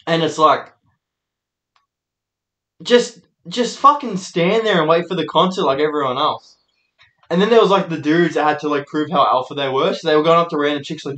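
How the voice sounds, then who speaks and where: A young man hosting his own show, telling loose, laid-back stories with plenty of swearing. His voice sits a bit high for a man. The room around him is noticeably echoey. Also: brisk, a bit bright. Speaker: host. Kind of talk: casual storytelling monologue.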